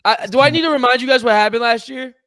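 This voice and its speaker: A young man co-hosting a casual sports podcast, animated and teasing, ranting in quick bursts at his co-host. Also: very high voice, no room sound.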